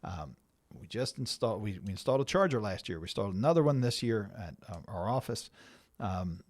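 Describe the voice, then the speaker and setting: A man's voice: fairly low pitch, lively intonation, brisk, dry recording, studio quality. A middle-aged man hosting a financial planning show, explaining things to viewers in a conversational way with frequent restarts and fillers. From United States.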